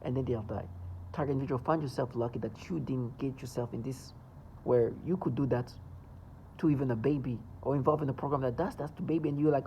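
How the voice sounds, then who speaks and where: Gravelly, agitated man ranting. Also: medium pitch, quick pace, warm tone, slight background noise, poor audio. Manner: agitated, insistent, rambling. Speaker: vlogger. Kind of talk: emphatic monologue to camera.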